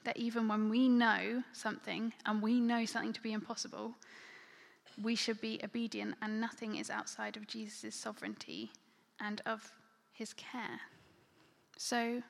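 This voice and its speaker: A woman preaches a sermon in a casual, conversational manner, often dropping almost to a whisper. Her voice has a gravelly edge. It carries a long reverb from a large church hall. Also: fairly high pitch, expressive, normal speed. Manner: conversational, filler-heavy, often drops to a near-whisper.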